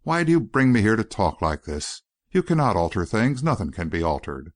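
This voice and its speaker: A man reading an audiobook voices a nervous, guarded young woman who speaks quickly and anxiously. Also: on the low side, sing-song.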